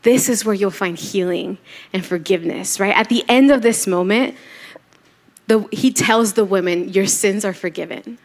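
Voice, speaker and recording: A woman's voice: mid-range voice, moderate pace. A woman preaching a church sermon, telling a story casually and acting out the quoted voices. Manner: conversational storytelling, acts out quotes.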